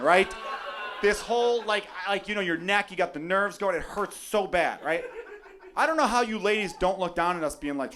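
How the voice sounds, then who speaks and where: A man's voice: high-pitched, expressive, a little fast. A male stand-up comedian from Chicago, brash and profane, riffing at a live club audience. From Chicago, USA. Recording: live club recording with loud crowd. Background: audience laughter.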